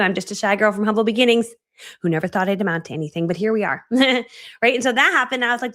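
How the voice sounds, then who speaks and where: A woman in her forties leads a motivational training talk as an online course coach. She speaks in a chatty, storytelling way, mocking herself and acting out her own past reactions. Her voice sits at an ordinary middle pitch for a woman. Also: quick pace, fairly bright tone. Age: 40s. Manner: self-deprecating, chatty, many fillers like "right?".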